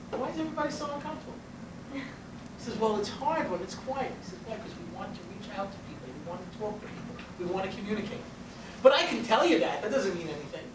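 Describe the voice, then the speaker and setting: A man from Long Island, New York, giving a storytelling lecture as a rabbi and educator, constantly checking in with his listeners. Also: high-pitched. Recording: roomy, distant mic with faint noise.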